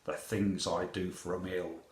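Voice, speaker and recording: A man's voice: deep voice, flat delivery, measured pace, echoey room, pitched below the performer's own voice. A man voicing a sly, greedy storybook wolf who gloats over his next meal. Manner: gloating, relishing. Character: big bad male wolf, greedy and sly.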